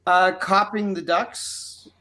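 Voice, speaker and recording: A man playing a party card game, thinking out loud about which cards make sense. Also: high-pitched, fairly even intonation, slow pace. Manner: muses aloud over card choices. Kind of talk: casual chat while playing.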